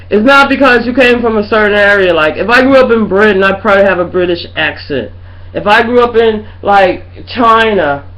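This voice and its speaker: A woman's voice: medium pitch, fairly bright tone, low-quality recording. A middle-aged woman ranting to her webcam in a rambling, profane way, often asking if you know what she's saying. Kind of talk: casual rant to webcam.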